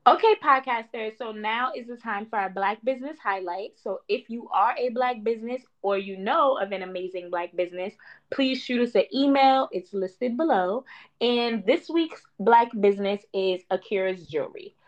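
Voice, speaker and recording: A woman co-hosting a podcast in casual chat, speaking in a reflective, measured way that thinks aloud. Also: on the high side, muffled recording. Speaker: podcast co-host. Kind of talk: casual chat and reading a sponsor note.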